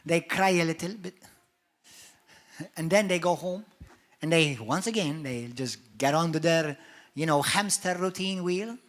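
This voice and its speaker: A man with a Maltese accent preaching a sermon as pastor, emphatic and animated, acting out churchgoers. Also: on the high side. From Malta. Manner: emphatic preacher, acts out churchgoers in quick voices.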